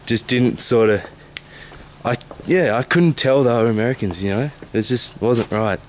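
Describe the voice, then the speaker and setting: A man's voice: medium pitch, moderate pace, slight background noise. A man, rambling in laid-back, hesitant casual chat as a roommate giving a testimonial.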